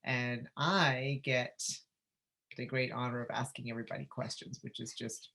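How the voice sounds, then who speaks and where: A woman's voice: very deep voice, steady tone, moderate pace, fairly bright tone. Gushing woman hosting a video call panel, emotional, asking questions. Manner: effusive, emotional. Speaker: moderator.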